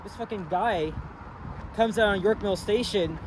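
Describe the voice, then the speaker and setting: A man's voice: high voice, unhurried, background noise. A man walking outdoors and ranting angrily with lots of swearing, rambling as he talks to the camera. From Canada. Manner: angry, profane, rambling rant. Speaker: walking vlogger. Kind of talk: casual ranting walk-and-talk. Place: city street outdoors near traffic.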